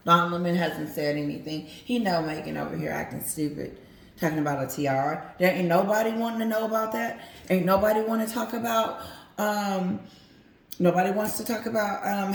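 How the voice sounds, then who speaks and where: A woman's voice: on the low side, gravelly, a little mellow. A woman giving casual commentary, emphatic and repetitive, talking straight to her viewers. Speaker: commentary vlogger. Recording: roomy echo.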